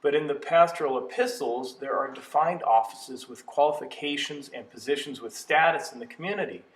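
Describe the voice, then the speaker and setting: A man teaches a recorded lesson at a middle pitch, measured and explanatory, leaning on key words by slowing down. He sits back from the microphone, and his voice rings around a roomy, echoing space. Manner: measured, explanatory, slows to stress key terms. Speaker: teacher of biblical studies. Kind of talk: educational video lecture. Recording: echoey room, mic at a distance.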